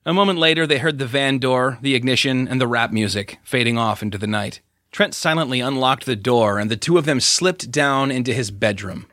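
Bright-voiced male audiobook narrator. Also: mid-range voice, fairly quick, dry recording, clean studio sound.

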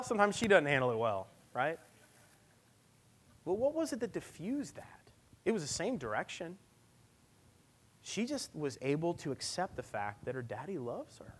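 A man's voice: a little high, a bit bright, slightly rough. A man in his thirties, a pastor giving a conversational, emphatic sermon with personal stories.

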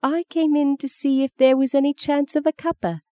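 A woman reading aloud and voicing a stern, commanding elderly grandmother with a brisk, precise way of speaking. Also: high voice, fairly even intonation, mellow, dry recording, clean studio sound, voice pushed up, close to an everyday voice. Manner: brisk, precise, lightly scolding.

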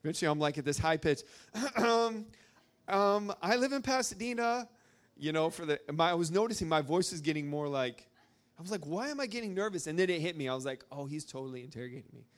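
A young man from Arkansas, USA, speaks at a church gathering, his voice fairly high and rapid-fire. He talks informally to a live audience, rambling through a story packed with fillers.

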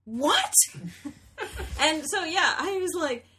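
A young adult woman co-hosting a casual podcast chat, telling stories animatedly and acting out quoted lines loudly. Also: fairly high pitch, lively intonation, fast talker, noisy background. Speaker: podcast co-host.

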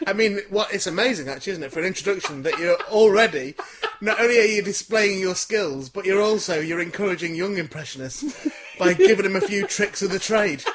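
A man's voice: high-pitched, expressive, a little fast, a crowd in the background. Teasing male comedy co-host. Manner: teasing, sarcastic banter. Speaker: podcast co-host. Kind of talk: casual comedy chat.

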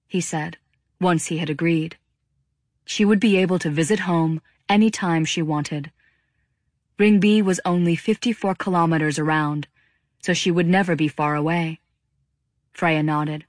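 A woman narrating an audiobook with a steady, even reading. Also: on the low side, normal speed, dry recording, studio quality. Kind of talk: scripted narration.

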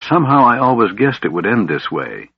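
A man voicing a cool, detached female swordswoman who speaks softly and musingly. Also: mid-range voice, very animated, a little fast, husky, dry recording, muffled recording, pitched above the performer's own voice. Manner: soft, musing.

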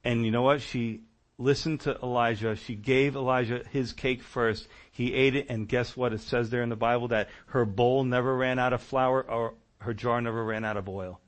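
A man preaching a sermon, telling stories in a conversational, animated way. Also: mid-range voice, moderate pace.

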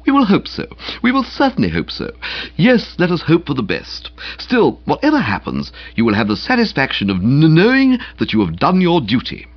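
A puffed-up young gentleman who trips over his first consonants and lectures everyone, as a man reads him out. His voice leaps up and down in wide swoops, with a husky edge. The recording is dry and a little muffled. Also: on the high side, wildly swooping pitch, normal speed, no room sound, pitched above the performer's own voice. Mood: smug. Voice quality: stammering on first sounds. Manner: patronizing and full of himself. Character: pompous, self-satisfied young man with a stammer. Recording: dull, slightly muffled.

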